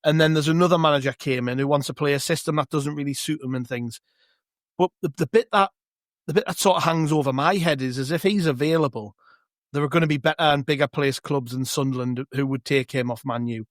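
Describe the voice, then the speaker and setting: A man's voice: fairly high pitch, brisk, no room sound, studio quality. A man with a North East English accent, co-hosting a football podcast, chatty and questioning as he tells a story. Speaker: podcast co-host. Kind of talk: casual football chat.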